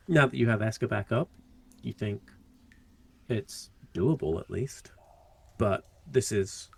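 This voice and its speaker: A man narrates a tabletop game as its game master. His voice carries a gravelly edge. He keeps a relaxed flow, stopping often for fillers and restarts. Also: fairly low pitch.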